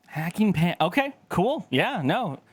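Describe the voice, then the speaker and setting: Man, podcast co-host, casual chat, profane, slightly high voice, dry sound. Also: big pitch swings, measured pace, breathy edge, dry recording. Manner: profane, storytelling, laughing often.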